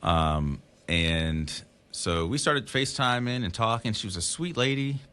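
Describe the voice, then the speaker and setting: A man's voice: lowish voice, animated, measured pace, sharp tone, smooth. A man guest on a podcast, telling his story casually and acting out the voices of the people in it.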